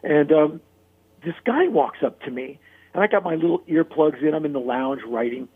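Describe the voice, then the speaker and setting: A man's voice: fairly high pitch, expressive, moderate pace, husky. A man telling a story in a casual interview, talking animatedly with many "like" and "you know" fillers. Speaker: interview guest. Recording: phone-like narrow-band audio.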